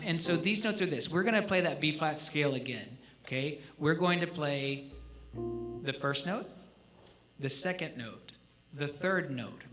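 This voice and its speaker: Man clinician, bright edgy voice, a bit high, playful with students in a school hall. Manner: animated, joking, asks the audience questions. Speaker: jazz clinician. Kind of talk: live music clinic teaching students. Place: school auditorium.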